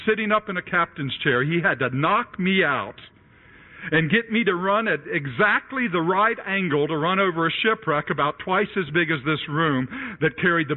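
A man preaching a sermon and telling a personal story in an animated way, raising his voice when he acts out scenes. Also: a little high. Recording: tinny phone-like radio broadcast.

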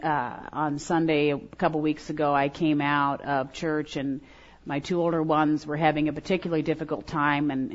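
A middle-aged woman preaching a sermon to women, swinging between loud emphatic lines and hushed, prayerful ones. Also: sits low. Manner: preaching with strong rises and hushed prayerful drops. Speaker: speaker at a women's gathering. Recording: dull lo-fi recording.

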